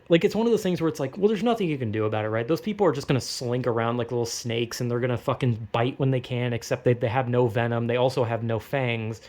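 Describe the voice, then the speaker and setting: A man's voice: medium pitch, a little mellow. A young man in a casual, rambling rant, swearing often and mocking himself. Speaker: online commentator.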